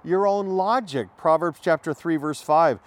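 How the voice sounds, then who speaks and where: A man's voice: a little high, a little slow. A man preaching a sermon in an emphatic way, repeating key phrases and asking rhetorical questions.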